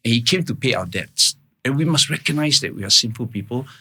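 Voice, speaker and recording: Guy on an interview telling a story, really lively pitch, bright voice, keeps saying "right?". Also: brisk, breathy edge. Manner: keeps checking in with "right?" and "all right?"; earnest, plain-spoken retelling. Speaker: interview guest. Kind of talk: personal storytelling in conversation.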